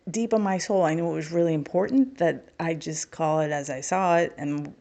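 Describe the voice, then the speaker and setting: A woman's voice: sits low, normal speed, gravelly, dark tone. A middle-aged woman telling a personal story as a podcast guest, candid and wry, with self-mocking humor. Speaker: podcast guest, spiritual healer.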